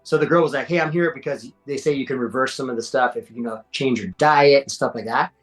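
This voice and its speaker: A man's voice: mid-range voice, quick pace, faint music behind, low-quality recording. A man in his forties, a podcast guest, telling stories in casual chat, slangy and swearing, acting out quotes. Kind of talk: casual storytelling.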